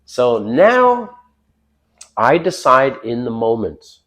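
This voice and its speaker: An older man with a raspy, hoarse voice after being sick, giving blunt, chatty dating advice straight to the viewer and calling him bro. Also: medium pitch, sing-song, slow, a bit bright. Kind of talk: casual to-camera advice talk.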